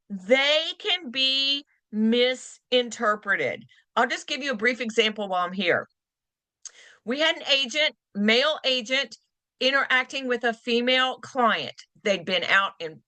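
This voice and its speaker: A woman's voice: fairly high pitch, sharp tone, no echo. A woman giving a real estate training class in a conversational, emphatic way, repeating phrases for stress. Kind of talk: continuing education class talk.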